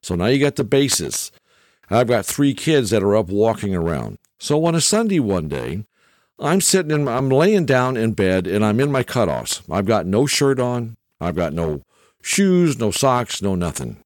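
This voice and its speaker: A middle-aged man tells a rambling, folksy anecdote in a casual monologue, his pitch rising and falling with lively swings. He keeps checking in with "okay?" as he goes. The sound is close and dry, with no room echo. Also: moderate pace. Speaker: storyteller.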